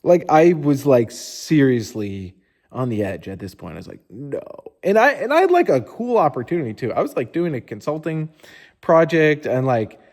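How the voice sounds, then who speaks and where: A man's voice: a little high, big pitch swings, normal speed, darkish tone, in a large hall. A man in a casual motivational storytelling style, candid and informal, who swears often and says "like" a lot. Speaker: motivational speaker.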